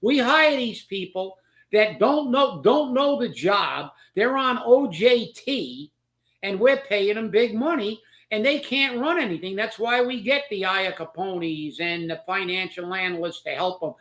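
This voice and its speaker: A man's voice: sits high, lively intonation, a little slow, a bit bright. A man hosting a political commentary show, talking in a sarcastic, mocking way and laughing as he makes his points.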